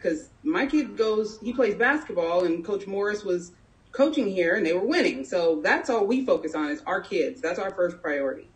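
A woman's voice: lowish voice, expressive, normal speed, distant mic. A middle-aged woman from San Jose candidly telling a personal story at a town hall, in a conversational way with plenty of fillers. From San Jose, California. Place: community town hall meeting.

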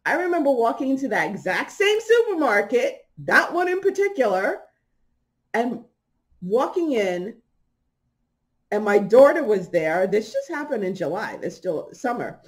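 A woman's voice: a little high, very animated, unhurried. A middle-aged woman hosting a podcast, telling a personal story in a casual way. She laughs often and acts out the people she quotes. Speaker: podcast host.

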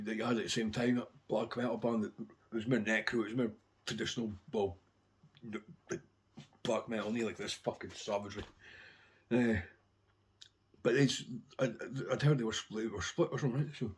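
A man's voice: on the low side, steady tone, moderate pace, pauses often, darkish tone. A man casually rambling through anecdotes about his record collection, swearing constantly.

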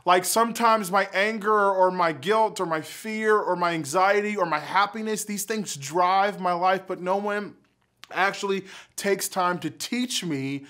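Young male youth leader, high voice, animated and excitable, casual talk to camera. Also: unhurried.

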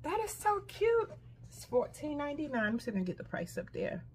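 A woman's voice: high-pitched, huge pitch swings, brisk, a little hiss or hum. An older woman casually chatting to her viewers about her shopping haul, talking straight to them and squealing with delight. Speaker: haul vlogger.

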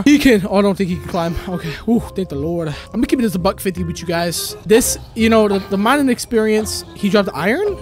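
A young man giving casual, jumpy gameplay commentary, full of slang, gasps and exclamations. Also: on the high side. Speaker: gaming video creator.

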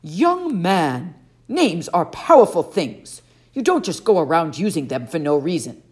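A woman voicing a pudgy, grumpy male camp director who talks loudly, curtly and with disdain in a storybook reading. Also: on the low side, very animated, measured pace. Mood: impatient.

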